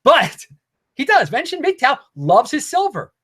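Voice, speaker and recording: A man with a Baltimore accent hosting a casual vlog, rambling and excitable with frequent restarts. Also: very high-pitched, measured pace. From Baltimore, United States. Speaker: cryptocurrency video host.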